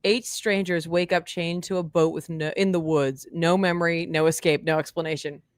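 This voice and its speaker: A woman co-hosting a casual chat show, talking in an animated way with lots of fillers, her voice a little worn. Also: fairly low pitch, moderate pace, no echo, studio quality. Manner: animated, chatty, many fillers. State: losing her voice. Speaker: co-host.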